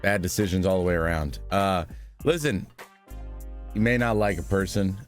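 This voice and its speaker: A man's voice: low voice, moderate pace, faint music behind. A man giving sarcastic, scornful reaction commentary, rambling and restarting as he mocks.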